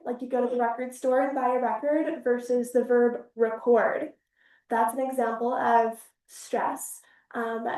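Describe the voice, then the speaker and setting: A woman's voice: on the high side, darkish tone. Young woman presenting in an echoey room. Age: young adult. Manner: casual, upbeat, many "um" fillers. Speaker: student presenter. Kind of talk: academic research talk. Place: university seminar room. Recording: echoey room, speaker far from mic.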